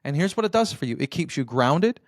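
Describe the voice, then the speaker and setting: A man's voice: fairly high pitch, big pitch swings, brisk, dry recording, studio quality. A man hosting a podcast, giving earnest, coaching-style advice on marriage and often checking in with the listener. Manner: addresses listener as brother. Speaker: podcast host. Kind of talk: motivational marriage advice talk.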